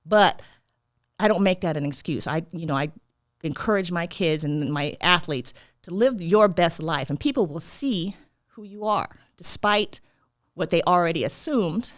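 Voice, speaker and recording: A woman's voice: fairly low pitch, lively intonation, normal speed, no room sound, studio quality. A woman coach speaking as a podcast guest, earnest and reflective, often saying "you know". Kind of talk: casual interview talk.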